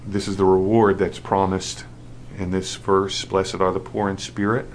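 Low-voiced preacher building to emphatic peaks. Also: male voice, flat delivery, moderate pace, a little hiss or hum. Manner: rises to emphatic, repetitive preaching cadence; frequent restarts and "um" fillers. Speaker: pastor. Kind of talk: sermon.

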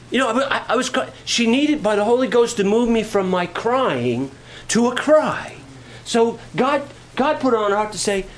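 A man preaching a sermon, shifting from quiet storytelling to rising, fervent preaching. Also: high voice, very animated, moderate pace, low-quality recording. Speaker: pastor.

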